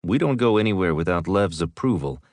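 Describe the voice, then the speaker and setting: A man's voice: sits low, animated, brisk, a little mellow, no room sound. A man voicing a blunt, commanding male major in an audiobook. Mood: firm. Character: blunt male military major, team leader.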